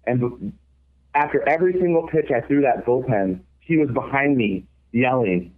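A young man recounts his past in an earnest, reflective way, speaking as an interview guest. His voice sits at an ordinary pitch. It comes through a thin, tinny, phone-like line. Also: expressive, unhurried. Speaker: guest, former college baseball pitcher. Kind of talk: storytelling interview.

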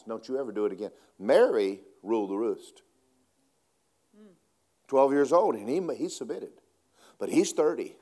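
A man preaching a sermon, swinging between loud emphatic lines and hushed asides. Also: medium pitch, animated, normal speed, pauses often.

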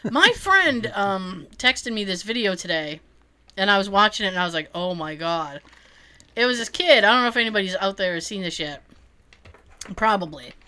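A woman chatting casually, telling an animated story and acting out the people in it, laughing often. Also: medium pitch, normal speed. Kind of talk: casual chat.

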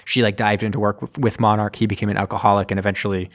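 A man with a slightly low voice chatting casually. He retells a story in a loose, wandering way, stopping to fix his own words and filling gaps with "uh" and "like.". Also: flat delivery, racing. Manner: rambling, loose storytelling full of fillers and self-corrections. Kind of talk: casual chat.

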